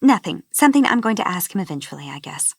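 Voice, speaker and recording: A woman reading the part of a curious, spirited young woman who is eager and lightly flustered, pitched up from her narration. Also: sing-song, fast talker, vocal fry, husky, no room sound, heavily acted.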